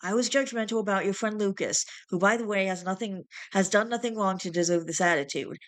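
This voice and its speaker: A woman's voice: medium pitch, fairly quick, close to an everyday voice. A woman voicing a guarded, jealous man making a stiff apology, in a storybook reading. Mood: grudging.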